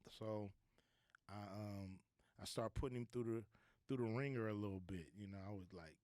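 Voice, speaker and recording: A man as a podcast guest, telling a story in a laid-back, slangy, animated way. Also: lowish voice, normal speed, no room sound, clean studio sound. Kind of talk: casual storytelling.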